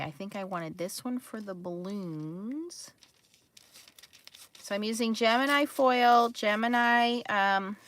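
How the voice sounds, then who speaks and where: A woman's voice: medium pitch, fairly bright tone, slight background noise. A woman hosting a card-making livestream, chatting casually, greeting viewers by name and laughing often. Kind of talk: casual crafting livestream chat.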